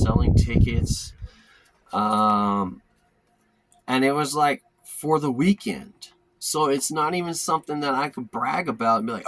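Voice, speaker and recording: A man ranting in a loose, casual monologue, blunt and profane, who keeps jumping into other people's voices as he tells a story. His pitch sits in an ordinary middle range. Steady background noise and clicks run under the recording.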